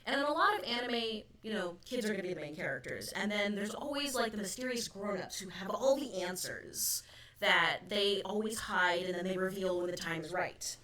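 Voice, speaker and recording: A woman's voice: medium pitch, lively intonation, normal speed, sharp tone. A woman co-hosting a fan discussion, thoughtfully analyzing storytelling. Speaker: podcast co-host. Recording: roomy, distant mic.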